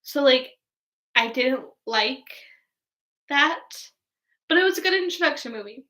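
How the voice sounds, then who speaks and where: A young woman vlogger chatting casually about a movie, gushing and excitable, filling her talk with "like". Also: high-pitched, measured pace. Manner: gushing, heavy use of "like", excitable fangirl tone. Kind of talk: casual movie review chat.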